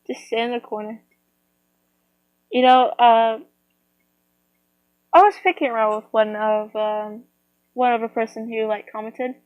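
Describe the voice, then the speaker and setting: A woman's voice: fairly high pitch, unhurried, long pauses, dry recording, narrow, tinny audio. A woman chatting casually to her viewers, rambling with lots of fillers and restarts. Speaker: vlogger.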